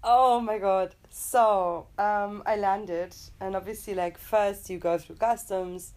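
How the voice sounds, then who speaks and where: A woman's voice: mid-range voice, fairly even intonation, takes it slowly, a little mellow. A young woman from Germany, telling a story in casual chat with her partner, laughing often. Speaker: co-host.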